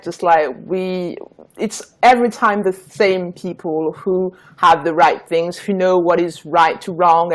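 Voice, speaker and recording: Earnest woman, halting restarts. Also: mid-range voice. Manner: earnest, hesitant, with repeated restarts. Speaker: guest. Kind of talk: casual live-stream conversation.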